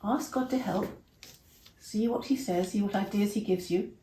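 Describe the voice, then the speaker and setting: A woman telling a Bible story to children in a gentle way, asking her listeners questions. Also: mid-range voice, moderate pace, a little hiss or hum. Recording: roomy echo.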